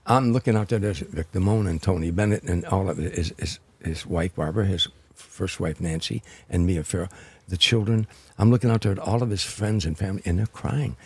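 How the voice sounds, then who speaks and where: An older man, a comedian guest on a podcast interview, telling anecdotes as an animated raconteur who restarts and repeats words. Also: low voice, a little fast, husky, no room sound.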